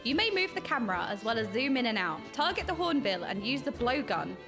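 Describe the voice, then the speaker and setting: A young adult woman streaming a game, excitably commenting and reading quest text aloud. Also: on the high side, brisk, over music. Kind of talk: live gameplay commentary.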